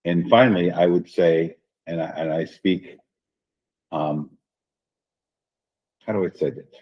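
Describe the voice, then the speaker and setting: A man's voice: low-pitched, unhurried, pauses often, slightly rough, dull audio. A man speaking at a school board workshop as a district administrator, folksy and repetitive, often checking in with "right?". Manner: folksy, repeats phrases, says "right?" often.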